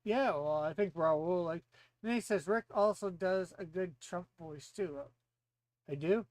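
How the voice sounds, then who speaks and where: A man's voice: sits high, unhurried, dry recording. Easygoing male stream host. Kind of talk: casual chat.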